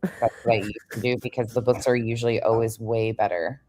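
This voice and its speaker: A woman with a strikingly deep voice, hosting a casual livestream. She talks bluntly and teasingly and swears freely. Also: steady tone, fairly quick, warm tone, a little hiss or hum. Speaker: livestream host.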